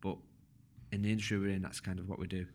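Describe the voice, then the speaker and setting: A man hosting a casual podcast, relaxed and a little slurred when he talks quickly. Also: low voice, a little hiss or hum. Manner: relaxed, slurs words when talking fast. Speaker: podcast host.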